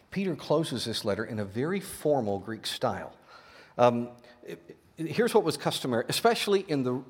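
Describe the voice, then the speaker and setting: Animated male pastor in a reverberant hall. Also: medium pitch. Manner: animated, swings from quiet asides to loud exhortation. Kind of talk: sermon. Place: large church sanctuary.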